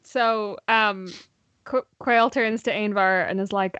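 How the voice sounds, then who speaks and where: A woman's voice: medium pitch, steady tone, a bit bright, clean tone, dry recording. Teasing Irish woman, dry lo-fi sound. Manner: teasing, quick-witted. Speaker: guest player. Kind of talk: casual tabletop game chat. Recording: dry, dull lo-fi audio.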